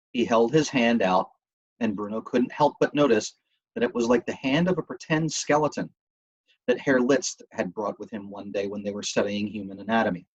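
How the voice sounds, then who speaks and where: Male reader, husky, steady audiobook narration, dull lo-fi recording. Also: mid-range voice. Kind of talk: audiobook reading.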